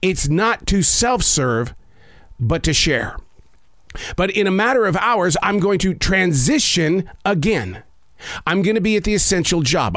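A man hosting a reflective spoken-essay show from a home studio, talking in a slow, measured, emphatic way with dramatic pauses. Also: high voice, dry recording. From North Carolina. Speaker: podcast host.

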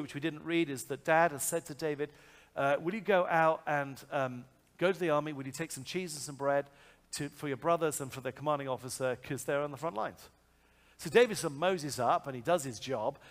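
A man delivers a sermon with an animated, chatty storytelling style, his voice riding high and swooping up and down as he poses rhetorical questions. The sound carries a long reverb, as if spoken in a large hall. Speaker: preacher.

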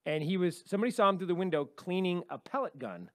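A man co-hosting a podcast, telling stories at a quick clip and acting out the people in them. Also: sits high, big pitch swings, fairly bright tone, no room sound. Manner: fast storytelling, acts out the people in his stories. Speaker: podcast co-host. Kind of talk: casual podcast chat.

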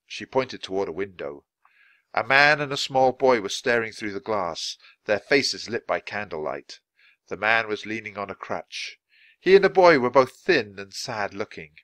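A man reading a children's storybook aloud for English learners, narrating clearly and expressively. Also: fairly low pitch, lively intonation, moderate pace, fairly bright tone, dry recording. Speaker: storybook reader.

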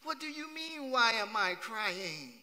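A man's voice: extremely high pitch, big pitch swings, slow pace, pushed and bright, pitched above the performer's own voice, full character voice. A male pastor voicing a grieving, bewildered young woman disciple, speaking in a pleading way. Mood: exasperated. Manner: pleading, exasperated. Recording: long church hall reverb.

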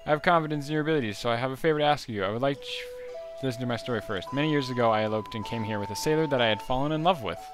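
A man's voice: medium pitch, very fast, music in the background, lightly acted. A man reading the part of a regretful young woman from a video game, in an earnest, plain voice close to his own. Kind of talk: video game dialogue read aloud.

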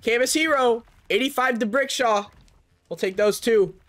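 A young man narrating a video game pack opening, excited and chatty, calling out each card and shouting over big pulls. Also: very high voice, normal speed, dry recording. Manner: hyped, shouts over big pulls, says "bro" a lot. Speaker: gaming YouTuber.

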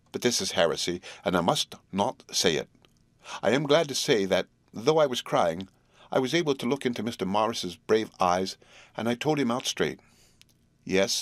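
A man with a fairly low voice reads a classic novel aloud as an audiobook. His delivery is measured and expressive, carrying a young woman's letter in his own voice. The sound is close and dry, with no room around it. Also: no echo. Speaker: audiobook narrator. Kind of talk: scripted narration of a classic novel.

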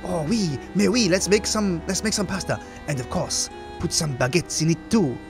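A man's voice: sits high, expressive, moderate pace, gravelly, music in the background, pitched above the performer's own voice. A man putting on a pompous French chef. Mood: eager. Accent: put-on French.

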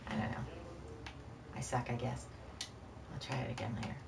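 A woman's voice: very deep voice, little pitch movement, normal speed, gravelly, very noisy. Chatty woman streaming, roomy and distant. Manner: scattered, rambling, chatty with viewers. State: short on sleep. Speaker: game streamer. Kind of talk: casual live-stream chat while gaming.

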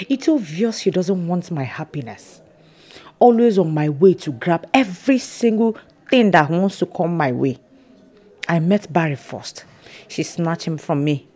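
A woman's voice: on the low side, mellow. An actress with a Nigerian accent playing a jealous woman brooding over revenge in a resentful monologue. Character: bitter jealous rival woman plotting revenge.

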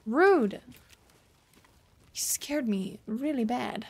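A woman's voice: a little high, a little mellow, slightly rough. A woman streaming a horror game for the first time, reacting with startled curses and apologizing to the characters. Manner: jumpy, swears when startled, apologetic. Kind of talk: live gameplay commentary.

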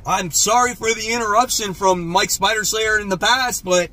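A man's voice: high voice, moderate pace, sharp tone. A man hosting a casual comic haul video, laid-back and blunt, often tacking "man" onto his sentences. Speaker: comic book channel host.

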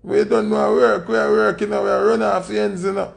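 A man mimicking raspy Jamaican street guys, pitched high. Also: fairly quick. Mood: urgent, excited. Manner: excited, pitched-up retelling. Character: rough young street men, watchful and protective.

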